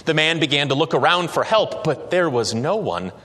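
A man narrating a story slowly and dramatically, with occasional hesitations. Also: fairly high pitch, big pitch swings, bright, forceful tone. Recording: long reverb.

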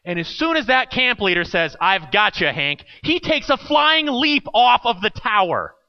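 This pastor's voice is extremely high, with big pitch swings at normal speed, and the recording has its highs cut off. Preaching earnestly, he tells a dramatic personal story and acts out the people in it.

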